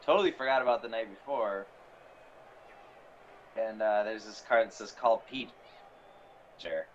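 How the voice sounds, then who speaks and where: A man's voice: fairly low pitch, moderate pace. A man rambles through an anecdote in easy, casual chat, trailing off with fillers as he goes. The audio is dull and lo-fi, with a faint ambient hum underneath. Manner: rambling storyteller with fillers and laughs. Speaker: player. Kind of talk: casual chat while streaming a game.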